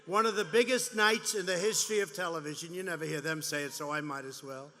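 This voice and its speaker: A man's voice: on the high side, fast talker, pushed and bright. A man giving a rambling, repetitive campaign rally speech to supporters, mocking and boastful. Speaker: politician addressing supporters. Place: large indoor rally venue. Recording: long hall reverb, faint background noise.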